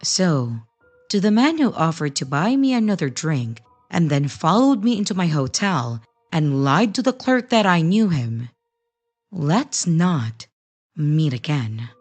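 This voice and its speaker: A woman with a notably low voice reads true creepy stories in steady, measured narration. Her pitch rises and falls expressively from line to line, and soft music plays faintly underneath. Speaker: storytelling channel narrator.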